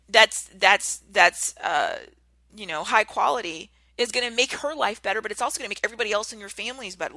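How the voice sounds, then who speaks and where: A woman's voice: medium pitch, bright, forceful tone, dry recording. A middle-aged woman hosting a podcast, talking earnestly in a rambling casual monologue full of fillers and restarts. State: tearing up, emotional. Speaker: podcast host.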